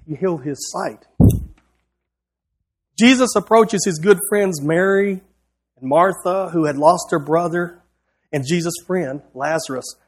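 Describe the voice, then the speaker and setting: Man preaching with a high voice. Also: a little slow, pauses often. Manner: earnest, rhythmic, with a repeated refrain. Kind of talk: sermon, reading a prepared text aloud.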